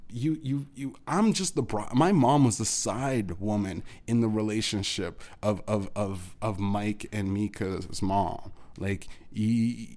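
A man's voice: on the low side, slow pace, few pauses, darkish tone. A Canadian man hosting his own show, delivering a heated, profane rant at his absent father, repeating himself and restarting sentences. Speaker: podcast host. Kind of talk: angry solo rant to an absent parent.

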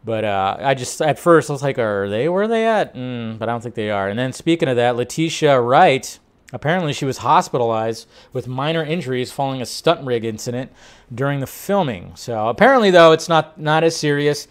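A man hosting a casual entertainment news talk, animated and rambling, laughing often. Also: medium pitch, brisk, smooth. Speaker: host.

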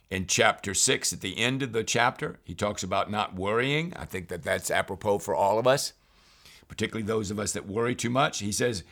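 Male priest with a somewhat low voice, earnest and unhurried, leading a Bible reading talk. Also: fairly bright tone. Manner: earnest, unhurried, reads scripture aloud.

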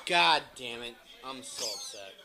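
A man co-hosting a podcast, giving casual, profane commentary over a wrestling show, exasperated and ranting, dropping to mutters and then jumping to shouts. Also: mid-range voice, expressive, a little slow, gravelly. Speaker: podcast co-host.

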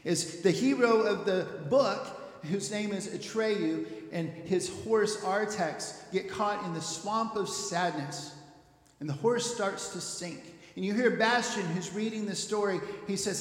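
A male pastor preaching a sermon, earnest and emphatic, rising to loud peaks. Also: sits high, unhurried. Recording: roomy hall reverb.

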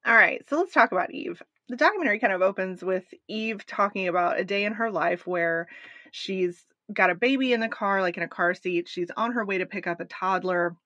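A woman co-hosting a podcast, recapping a documentary in casual chat with animated asides. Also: mid-range voice, a little fast, no room sound, muffled recording. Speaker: podcast co-host.

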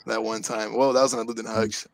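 A man's voice: lowish voice, level tone, fast, creaky, heavy background noise. A man in casual group chat, telling an easygoing story about his family.

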